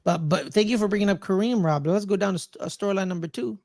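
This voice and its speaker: A man co-hosting a casual TV review podcast, talking in a lively, teasing way and acting out scenes. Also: high-pitched, fast, no room sound, studio quality. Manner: animated, teasing, acts out scenes. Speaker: podcast co-host.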